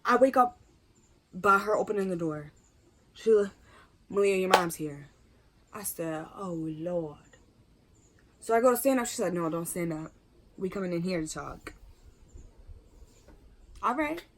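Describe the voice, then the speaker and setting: Animated young woman telling a story. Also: lowish voice, measured pace, pauses often, a little hiss or hum. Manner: animated, acts out quotes, swears casually. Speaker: storytelling vlogger. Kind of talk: casual storytime.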